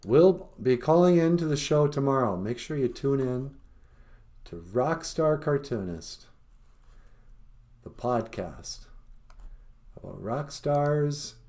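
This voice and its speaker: Slow, rambling man hosting a livestream. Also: mid-range voice, expressive, warm tone. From northern Minnesota. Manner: rambling, self-deprecating joking, full of fillers. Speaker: podcast host and cartoonist. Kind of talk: casual livestream chat.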